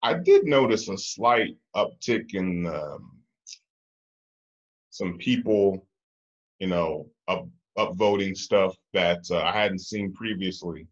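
A man co-hosting a podcast in casual chat, talking haltingly with many fillers. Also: deep voice. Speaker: podcast co-host. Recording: dull lo-fi sound.

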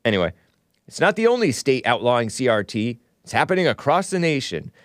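A man's voice: medium pitch, sing-song, a little fast, no room sound. Male solo podcast host, combative sarcastic ranter who stumbles and restarts, dry. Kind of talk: solo political commentary.

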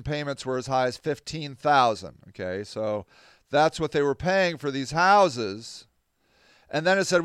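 A man's voice: a little high, fairly bright tone, smooth, no room sound, studio quality. Emphatic man hosting a podcast. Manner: reads news aloud then comments, informal and emphatic. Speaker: podcast host. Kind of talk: casual podcast monologue.

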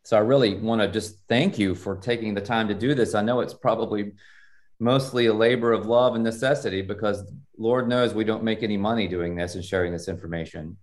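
A man's voice: fairly low pitch, fairly quick. A man hosting an interview podcast, reading a scripted introduction with strong emphasis and then chatting with his guest. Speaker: podcast host.

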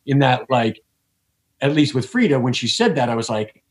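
A man's voice: mid-range voice, big pitch swings, normal speed. A man, a podcast guest, talking in a casual, reflective way and often restarting his sentences. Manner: rambling, reflective, many restarts. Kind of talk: casual conversation.

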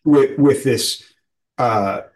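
A man's voice: mid-range voice, very slow, a little mellow, low-quality recording. A man interviewing a guest, talking loosely and searching for words, with many fillers. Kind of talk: casual conversational interview.

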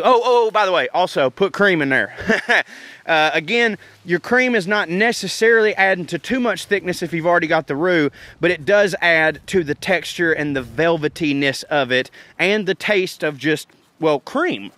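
Talking through a recipe on his podcast, a man rambles in a folksy, profane, joking manner. His voice sits on the high side with a sharp tone, recorded without echo.

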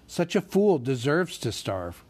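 A man's voice: mid-range voice, sing-song, a little slow, a little mellow. A man reading a grim, suspicious warrior. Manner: grim and blunt.

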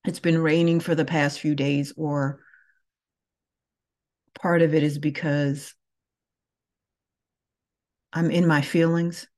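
A woman who teaches yoga, talking through her thoughts slowly and reflectively, with many pauses. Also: sits low, flat delivery, a little mellow. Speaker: yoga teacher and podcast host. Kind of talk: reflective solo podcast talk.

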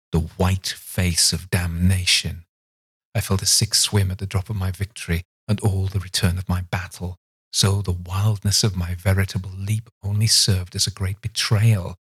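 Husky low-voiced man reading a story. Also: no echo. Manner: measured, dramatic reading that slows for tense passages. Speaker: podcast host and reader. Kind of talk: audiobook reading of a classic novella.

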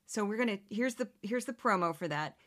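Woman host, bright, crisp voice, animated and sarcastic, casual monologue. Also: medium pitch, brisk. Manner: animated, sarcastic, mimics others in exaggerated voices. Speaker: podcast host.

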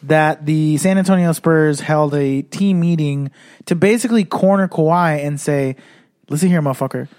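A man's voice: fairly high pitch, moderate pace, a little mellow, smooth. Rambling man on a sports podcast. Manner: rambling, profane, many restarts. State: been drinking. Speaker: podcast co-host. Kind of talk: casual sports chat.

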